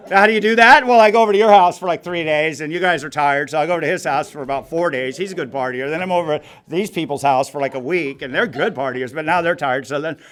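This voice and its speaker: A man's voice: a little high, fast talker, hardly any pauses, fairly bright tone. A middle-aged man telling his recovery story to a meeting group in a blunt, profane, wry way. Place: meeting room.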